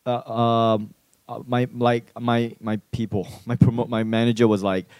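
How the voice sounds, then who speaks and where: A male comedian guests on a casual podcast with a mid-pitched voice. He is blunt, sardonic and teasing. The recording is close and dry. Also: flat delivery, normal speed, darkish tone, clean tone, dry recording. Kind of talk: casual chat.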